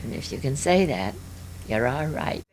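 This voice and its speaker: A woman's voice: extremely low pitch, big pitch swings, moderate pace, a little mellow, slight background noise. An older woman reminiscing in an interview, rambling and hesitant with many fillers.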